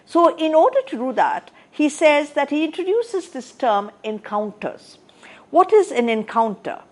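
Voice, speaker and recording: A woman lecturing on sociology in a measured academic style, with frequent "uh" fillers and restarts. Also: sits high, very animated.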